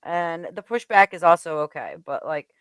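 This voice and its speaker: A woman's voice: fairly low pitch, lively intonation, normal speed, clear, resonant tone, no room sound. A woman hosting a casual panel chat, talking in a chatty, emphatic way. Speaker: show host.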